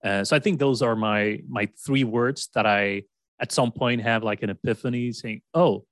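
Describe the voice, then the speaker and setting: A man's voice: mid-range voice, steady tone, moderate pace, a bit bright, no room sound. A man from Sweden with a Swedish accent, co-hosting a podcast in easy, rambling chat and often restarting his sentences. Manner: rambling, with frequent restarts and laughs. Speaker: podcast co-host. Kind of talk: casual chat.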